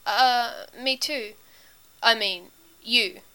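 A flustered young man blurts out halting, breathless lines, pitched high, as a woman reads him in an audiobook. The voice is clear and bright. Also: exaggerated voice, poor audio.

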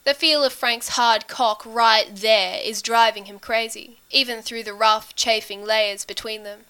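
A woman narrating a story as an audiobook reader, in a steady, intimate storytelling manner. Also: on the high side, measured pace, smooth.

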